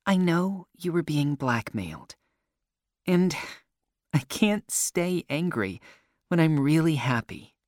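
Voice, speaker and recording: A man's voice: a little high, big pitch swings, slow pace, pauses often, no echo, clean studio sound, pitched above the performer's own voice. A man reading a story aloud and voicing an affectionate, forgiving teenage girl in a raised, lilting voice.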